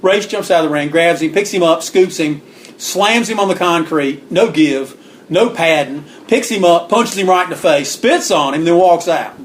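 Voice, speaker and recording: A man guest on an interview, telling stories in an animated way, acting out what people said and clearing his throat now and then. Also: on the high side, moderate pace, a little hiss or hum. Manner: animated storyteller acting out quotes. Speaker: guest author. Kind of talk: storytelling interview.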